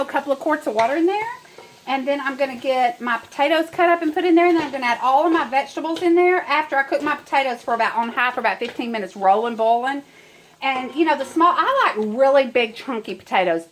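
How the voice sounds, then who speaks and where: A woman's voice: high-pitched, a bit bright, a little hiss or hum, poor audio. A woman chatting her way through a home cooking demonstration, rambling and talking straight to her viewers in her kitchen.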